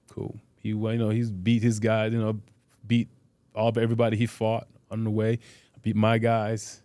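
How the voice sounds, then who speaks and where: A middle-aged boxer and fitness trainer, a guest on a podcast, bluntly and profanely tells boxing stories in casual interview talk, with many restarts and "you know." His fairly low, dark voice is completely flat and moves at a moderate pace, with no echo.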